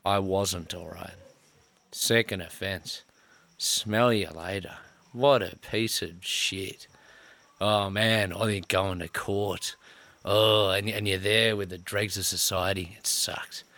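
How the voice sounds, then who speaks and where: A man's voice: sits low, fairly even intonation, slow, bright, forceful tone. An Australian man in his thirties telling a story casually, profane and self-mocking. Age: 30s.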